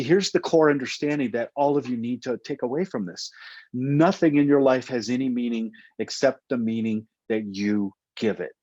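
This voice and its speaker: A male coach giving an energetic online talk, emphatic and blunt, with casual swearing and acted-out quotes. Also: mid-range voice, husky, no echo, dull audio. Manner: acts out quoted voices. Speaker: motivational coach and speaker.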